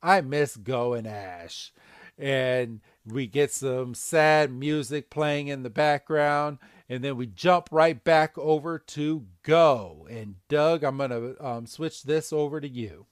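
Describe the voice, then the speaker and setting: A man co-hosting a podcast, casually retelling a cartoon episode and jumping into high-pitched character voices. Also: takes it slowly, hardly any pauses, clean tone, no room sound, studio quality. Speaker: podcast co-host.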